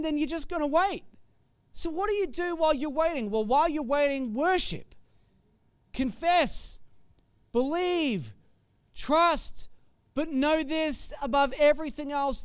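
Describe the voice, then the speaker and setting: A man's voice: very high voice, clean tone, dry recording. A man preaching a sermon with conversational, jokey storytelling.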